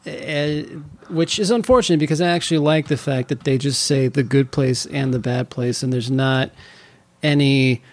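A man's voice: medium pitch, normal speed, darkish tone, no room sound. A man in his thirties from California, rambling as a podcast co-host with many restarts. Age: 30s. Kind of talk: casual podcast chat.

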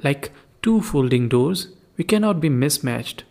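Pious poor husband, man voicing him, sermonizing at his wife, gravelly voice. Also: a little high, animated, a little slow, a little mellow. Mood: lecturing. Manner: lecturing, sermonizing.

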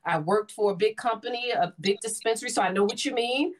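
Lady in her 40s telling stories on a chat show, acts out the quotes, lively. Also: on the high side, fast. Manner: animated storyteller, acts out quotes. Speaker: podcast co-host. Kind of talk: casual chat.

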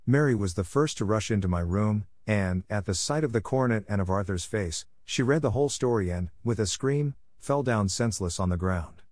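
Low-voiced male audiobook narrator. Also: a little mellow, no echo, clean studio sound. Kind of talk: first-person audiobook narration.

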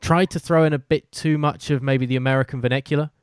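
A man's voice: a little high, fairly even intonation, fast talker, clean tone, dry recording, studio quality. A British man hosting a casual chat, a sports commentator who talks in a loose, self-deprecating way with many restarts.

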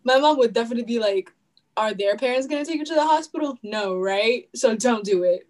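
Playful, higher-voiced young woman. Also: lively intonation, fairly quick, a little mellow. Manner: playful and teasing, jumps in with jokes. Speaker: podcast co-host. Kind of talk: casual chat.

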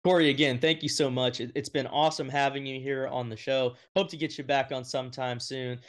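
A man of middle pitch hosts a podcast in a casual, upbeat way, teasing his guests and tossing off jokes. His delivery is lively and chatty. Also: fairly quick. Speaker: podcast host.

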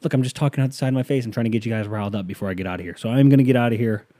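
A man hosts a podcast and rambles casually through the week's hockey, joking and swearing as he goes. His voice is mellow and sits at a middle pitch. He says his throat is sore today. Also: very fast. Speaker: podcast host. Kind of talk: casual sports chat.

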